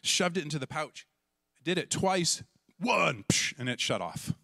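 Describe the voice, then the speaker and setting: A middle-aged man from Canada, a pastor telling a lively story in a sermon and acting out the voices in it. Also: fairly high pitch, normal speed, vocal fry, dry recording, clean studio sound. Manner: animated, acts out voices and shouts in the story.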